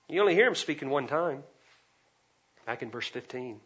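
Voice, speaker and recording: A man preaching an expository sermon, swinging between loud emphasis and quiet asides. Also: fairly high pitch, a little fast, slightly rough, muffled recording. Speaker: pastor.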